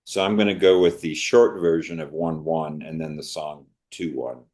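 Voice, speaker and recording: Very deep-voiced older man chatting. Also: fairly even intonation, normal speed, darkish tone. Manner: chatty, reflective. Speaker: podcast co-host. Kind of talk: casual chat about music.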